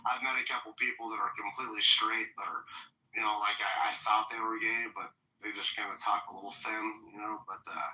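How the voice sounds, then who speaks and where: A man's voice: fairly low pitch, steady tone, a little fast, pushed and bright, echoey room, distant mic, poor audio. A man hosting a casual audio chat room, rambling and swearing with lots of fillers. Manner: rambling, profane, many fillers.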